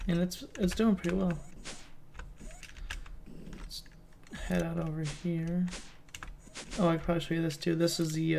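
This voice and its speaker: A man talks through his game in a loose, rambling let's play commentary, thinking out loud as he goes. His voice sits flat with little rise and fall, and a gravelly fry runs under it. Faint noise hums behind him at the desk mic. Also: fairly high pitch. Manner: rambling, thinking aloud as he plays. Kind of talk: casual gameplay commentary.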